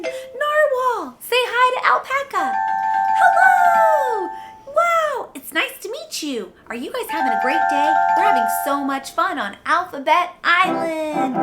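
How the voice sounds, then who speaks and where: A woman hosting a toddler phonics lesson in an exaggerated, enthusiastic singsong baby-talk manner. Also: high-pitched. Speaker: children's educational host. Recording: loud background music.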